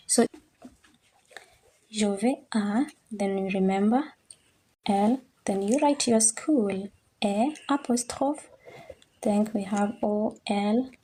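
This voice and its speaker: A woman teaches at a board with a mellow, soft-edged voice. She speaks slowly and patiently, repeating each word so learners can follow along. Her delivery is unhurried and methodical. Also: medium pitch, slight background noise. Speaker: French teacher. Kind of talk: slow classroom explanation at a board.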